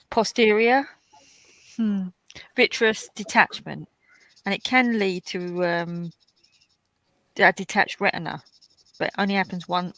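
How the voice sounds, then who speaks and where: A woman's voice: on the low side, a bit bright, dry recording, poor audio. A woman hosting a live colouring stream, telling chatty anecdotes in casual talk. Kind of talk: casual chat.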